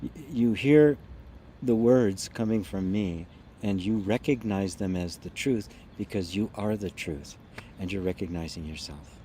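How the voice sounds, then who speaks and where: A man hosting a live spiritual satsang, speaking slowly and softly, trailing into quiet tones and reading out viewer comments. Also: on the low side, a little hiss or hum. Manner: slow, soft and reflective, often trailing off quietly with gentle laughs. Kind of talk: live-stream talk answering chat comments.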